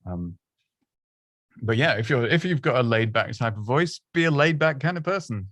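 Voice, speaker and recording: A man's voice: mid-range voice, lively intonation, moderate pace, a bit bright, no room sound. A man giving casual, chatty presenting advice, self-deprecating and full of restarts and little laughs. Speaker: presenting coach.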